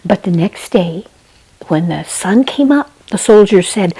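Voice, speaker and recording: A woman telling a children's story slowly and expressively, often dropping into a hushed whisper and turning to the listener with asides. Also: medium pitch, expressive, breathy edge, low-quality recording. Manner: slow, gentle delivery with asides to the listener.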